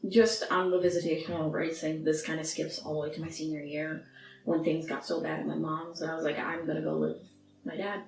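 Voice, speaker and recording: Low-voiced young woman, candid and halting. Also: level tone, vocal fry, darkish tone, slight background noise, low-quality recording. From United States. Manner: candid, emotional, halting with restarts. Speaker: interview guest. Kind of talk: personal storytelling interview.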